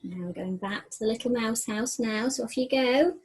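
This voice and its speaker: A woman teacher reading a picture book aloud to young children, with animated, sing-song storytelling and puppets. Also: on the high side, moderate pace, slightly rough. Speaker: primary school teacher.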